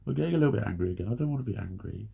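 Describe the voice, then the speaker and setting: A man's voice: on the low side, expressive, racing, creaky, warm tone, husky. A man in his forties giving blunt, sweary, earnest advice in a ranting monologue. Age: 40s. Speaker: vlogger.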